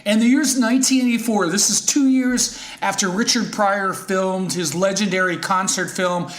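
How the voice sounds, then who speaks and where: A man's voice: high-pitched, steady tone, moderate pace, fairly bright tone. Hesitant male podcast host, echoey room. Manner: loose, hesitant, joking. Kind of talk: casual chat.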